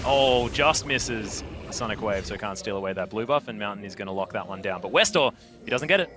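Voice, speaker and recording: A man casting an esports match play-by-play, calm in quiet stretches and shouting when fights break out. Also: fairly low pitch, fairly quick, over music. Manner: rises to shouting in big fights. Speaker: esports caster. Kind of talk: play-by-play commentary.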